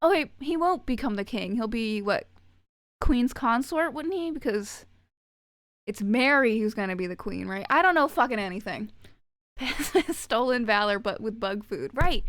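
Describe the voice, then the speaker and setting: A woman streamer reads out chat messages and riffs on them, sarcastic, swearing freely and laughing often. Her voice is a bit high and sounds close and dry, with no room around it. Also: expressive, fairly bright tone, no echo. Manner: sarcastic, profane, quick to laugh. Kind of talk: casual chat with viewers.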